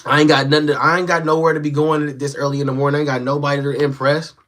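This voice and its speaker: His voice is on the high side and a bit bright, with little pitch movement, and he races through his words. The young streamer reads viewer comments in a relaxed, slangy chat, addressing viewers directly from a small self-built home stream set and using a phone mic.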